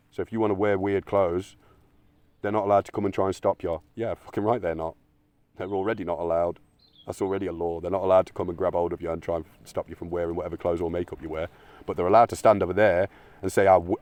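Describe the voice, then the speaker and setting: A man rants bluntly in a deep, low voice and swears freely as he argues his point. The sound is dry and close, with no room echo. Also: level tone, fast, a little mellow. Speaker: channel host. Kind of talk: opinionated monologue.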